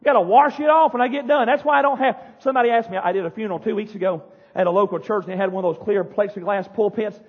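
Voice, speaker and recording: A man with a strikingly high, husky voice preaches a fiery sermon from the pulpit, crying out with force. The sound is dull and lo-fi, with a long reverb trailing through the church hall. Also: fast. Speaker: pastor. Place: church sanctuary.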